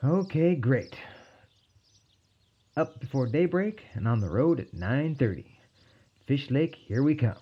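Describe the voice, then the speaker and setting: A man narrating a personal story in a calm, wry way. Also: mid-range voice, moderate pace, husky, lo-fi sound.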